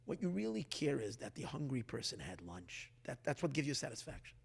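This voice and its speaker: A man, a rabbi, teaching a lively Torah class, sometimes voicing the body and Earth, swinging from hushed to loud. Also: mid-range voice, brisk, gravelly, slightly rough. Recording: long hall reverb.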